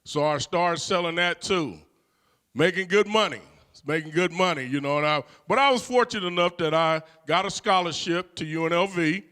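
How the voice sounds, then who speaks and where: Here a guest, a middle-aged man from California, recounts his life in a relaxed, chatty way peppered with "you know." He speaks briskly with few pauses, and his slightly high voice sounds pushed and bright yet clean.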